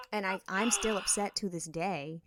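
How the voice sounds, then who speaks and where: A woman's voice: medium pitch, very noisy. A woman co-hosting a podcast in casual chat, telling frank, profane stories and acting out the people in them. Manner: frank, profane storytelling with animated quoted voices. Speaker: podcast co-host.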